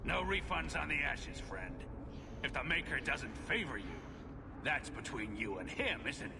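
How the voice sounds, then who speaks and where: Gravelly menacing merchant. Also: male voice, a little high, big pitch swings, normal speed. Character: ominous man merchant, gruff and threatening. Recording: echoey, noisy game audio.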